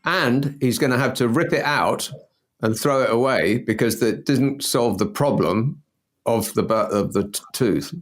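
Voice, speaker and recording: A middle-aged man hosting a casual podcast chat, joking in a dry, deadpan way. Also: medium pitch, unhurried. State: has toothache. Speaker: podcast host.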